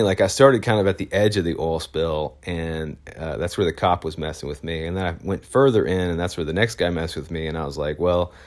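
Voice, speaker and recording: A man with a very low voice tells a story as a photojournalist, casual and meandering. He stops and restarts often and leans on fillers. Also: a little mellow. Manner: rambling, with many fillers and restarts.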